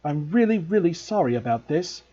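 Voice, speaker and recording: A man voicing an earnest, fretful, clever schoolgirl who speaks in a quick, anxious way. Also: fairly high pitch, animated, mellow, husky, highs cut off.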